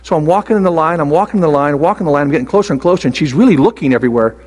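An older man preaching a sermon as a pastor, telling stories with many halting restarts. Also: a little high, expressive, darkish tone. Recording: long hall reverb.

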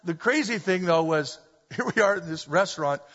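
Husky high-voiced preacher in an echoey hall. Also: male voice, moderate pace. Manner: animated preaching with humorous storytelling. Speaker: pastor. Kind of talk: sermon. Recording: dull echoey hall recording.

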